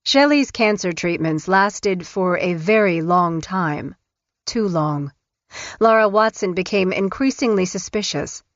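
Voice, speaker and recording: A woman narrating an audiobook in a measured, even way. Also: on the low side, dry recording. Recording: dull, dry studio recording.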